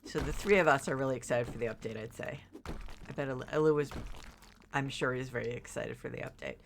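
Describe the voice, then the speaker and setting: Low-voiced chatty woman streamer. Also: fast, vocal fry, slight background noise. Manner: rambling, chatty, reads chat aloud; frequent fillers and restarts. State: yawning, recovering from illness. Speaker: game streamer. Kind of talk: casual chat while playing.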